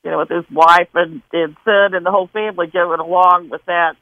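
A woman's voice: lowish voice, steady tone, a little fast, no echo. Rambling woman caller on a phone line. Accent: Wisconsin and Southern mix. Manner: hesitant, apologetic, rambling. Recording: tinny dry phone line.

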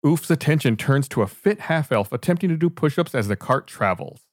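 Game master man with a lively voice. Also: medium pitch, brisk, no echo, studio quality. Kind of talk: narrating a tabletop game.

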